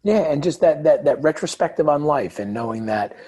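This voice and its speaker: Husky guy guesting on a podcast, tells stories and does all the voices in them. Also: on the high side, brisk. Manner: animated storyteller, acts out quoted dialogue. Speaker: guest, author. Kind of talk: conversational interview.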